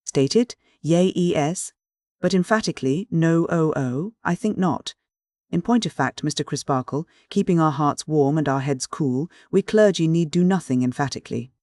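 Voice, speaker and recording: A man doing a smooth, evasive old church dean. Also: a little high, moderate pace, darkish tone, no echo, studio quality, natural voice. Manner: suave, soothing, evasive. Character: prudent smooth-spoken older male church dean.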